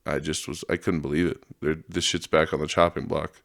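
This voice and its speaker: A man with a very low voice rants on a podcast, rambling and swearing with a sarcastic edge. The sound is dry and close to the mic, with no room around it. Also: level tone, a little fast, gravelly, a bit bright, no echo. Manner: profane, rambling, sarcastic, laughs often. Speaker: podcast host. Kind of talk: casual monologue rant.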